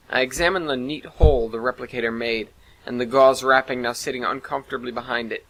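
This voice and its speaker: A man's voice: mid-range voice, steady tone, brisk, a bit bright, low-quality recording. A man narrating a first-person science fiction story in an earnest, dramatic reading.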